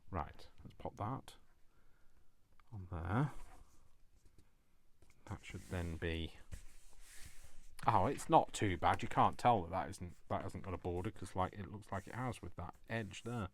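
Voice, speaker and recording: Low-voiced man scolding himself while crafting. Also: measured pace, pauses often. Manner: chats to himself, scolds himself by name; jokey, self-mocking, chuckles. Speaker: crafting channel host. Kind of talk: casual crafting vlog talk.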